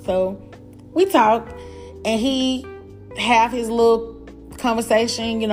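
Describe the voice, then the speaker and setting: A young woman hosting a podcast, telling a personal story in a blunt, animated, profane way and talking straight to her listeners. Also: fairly high pitch, takes it slowly, long pauses, faint music behind. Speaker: podcast host. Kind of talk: casual storytelling.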